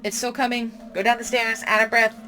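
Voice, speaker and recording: A woman's voice: a little high, flat delivery, fairly quick, bright, forceful tone, a little hiss or hum. A woman playing a horror game, reading its text aloud and breaking off for startled, chatty asides. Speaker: game streamer.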